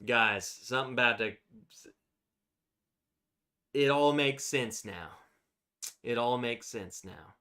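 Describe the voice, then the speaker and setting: A man's voice: medium pitch, takes it slowly, long pauses, bright, forceful tone, clean tone. A man hosting a casual livestream, chatting freely, laughing often and reacting to viewer comments. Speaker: livestream host.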